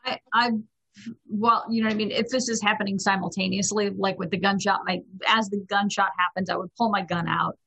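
A woman's voice: mid-range voice, steady tone, brisk, gravelly, bright, forceful tone, breathy edge, low-quality recording. A woman playing a tabletop game, thinking aloud about her move with hedging restarts. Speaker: player. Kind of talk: casual tabletop play.

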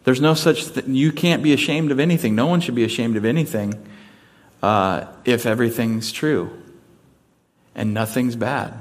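A man's voice: medium pitch, normal speed. A man preaching a sermon in a casual, conversational way, mixing humor into it. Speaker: pastor.

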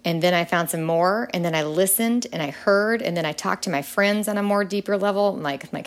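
A middle-aged woman talks earnestly as a podcast guest. Her voice sits a little low. It jumps sharply upward whenever she presses a point. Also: a little fast, hardly any pauses. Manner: earnest, with sudden upward pitch leaps when emphatic. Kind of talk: earnest conversational interview.

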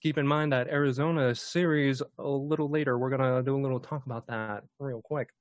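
This man's voice is medium-pitched, steady and brisk, with no room echo. As the dungeon master of a tabletop game stream, he rattles through sponsor announcements with jokes, puns and rambling filler.

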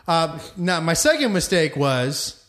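Man, casual chat, animated, profane, fairly high pitch. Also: unhurried. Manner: animated storyteller, swears freely.

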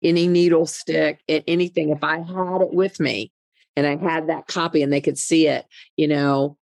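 A woman's voice: sits low, fairly even intonation, moderate pace, gravelly, a little mellow, no room sound, clean studio sound. A middle-aged woman speaking earnestly in an interview, emphatic and often repeating words as she tells a personal story. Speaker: guest, mother and advocate. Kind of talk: conversational interview.

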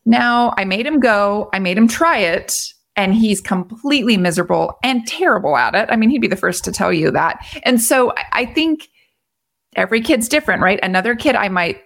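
Woman, middle-aged, slightly gravelly voice, guest, reflective casual talk. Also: mid-range voice, lively intonation, normal speed, a bit bright. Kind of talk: casual conversation.

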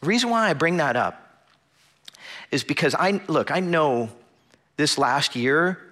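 A man's voice: fairly high pitch, bright, forceful tone. A man preaching a sermon as pastor to a small room and an online audience, earnest and conversational, with repeated phrases and restarts. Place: church sanctuary with a small audience.

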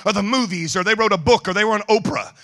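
A male preacher delivering a sermon with comic storytelling, swinging from low murmurs to shouting. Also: fast.

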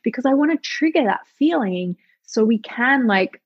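A woman's voice: medium pitch, expressive, fairly quick, hardly any pauses, no room sound, dull audio. A woman coach as a podcast guest, talking candidly and animatedly, swearing casually and acting out what other people say. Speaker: guest, money mindset coach. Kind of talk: candid conversational interview.

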